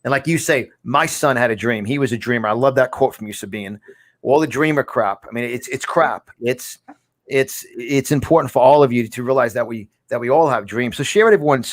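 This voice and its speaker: A man hosting a talk podcast, speaking excitably with many restarts and repeated words. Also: mid-range voice, brisk, dry recording, clean studio sound. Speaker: podcast host. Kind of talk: casual talk show chat.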